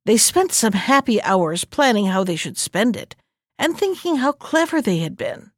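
A woman narrating an old fairy tale at a steady, even storytelling pace. Her voice sits somewhat high, and the recording is dry and close with no room sound. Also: moderate pace, no room sound. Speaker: reader.

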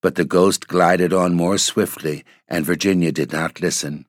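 Male narrator, deep and steady, storybook reading in a dry booth. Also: measured pace, no echo.

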